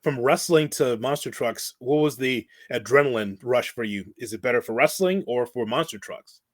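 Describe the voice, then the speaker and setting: Male host, mid-range pitch, dry sound, curious and conversational. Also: moderate pace, no echo. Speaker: interview host. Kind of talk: asking interview questions.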